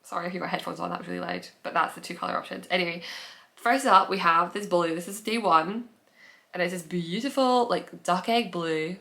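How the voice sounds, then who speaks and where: A woman hosting a podcast talks in a relaxed, chatty way, gushing with enthusiasm about what she loves. Her voice sits a little low for a woman. She often trails off and restarts her sentences. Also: a little fast, creaky. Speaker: podcast host. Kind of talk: casual chat.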